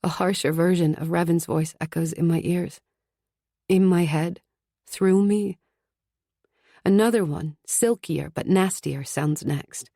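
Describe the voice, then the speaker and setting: A woman's voice: lowish voice, unhurried, mellow, no echo, studio quality. A woman narrating a fantasy audiobook in the first person, tense and urgent. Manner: tense, urgent inner monologue.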